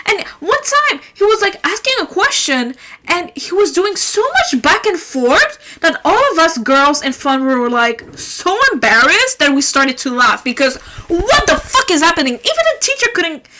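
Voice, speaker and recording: A young woman hosting a podcast, yelling through a fast, profane rant about her day. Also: high voice. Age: young adult. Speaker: podcast host. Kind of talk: ranting casual podcast monologue.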